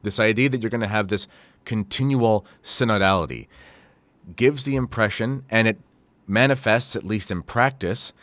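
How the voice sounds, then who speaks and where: A man's voice: on the low side, fairly bright tone, no echo. A man hosting a commentary show, reading quotes aloud and adding critical, sarcastic remarks with frequent fillers. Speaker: host.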